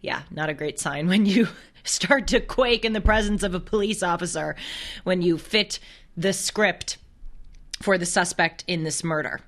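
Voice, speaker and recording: A woman's voice: on the low side, measured pace. A woman hosting a live call-in talk show, chatty and playful, laughing often as she talks.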